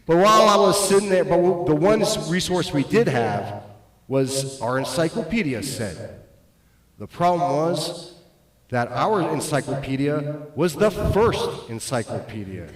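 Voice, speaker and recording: A middle-aged man doing stand-up, telling self-deprecating stories that swing between loud bursts and muttered asides. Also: fairly high pitch, expressive, a little slow. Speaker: stand-up comedian. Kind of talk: stand-up comedy storytelling. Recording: roomy echo.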